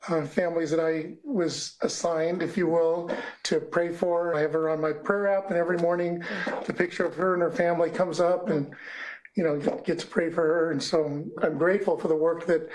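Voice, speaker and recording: A man's voice: on the high side, steady tone, normal speed, rough recording. A man hosting a church podcast, asking questions and encouraging his guests. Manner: warm encouraging interviewer, affirming interjections. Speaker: podcast host. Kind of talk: casual chat.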